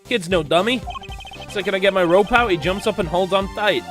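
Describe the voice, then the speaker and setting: A man voicing a gruff, tough-talking male boxer in prison, with slangy, clipped street grammar, over game music. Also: high voice, brisk, voice pushed up, lightly acted. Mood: boastful.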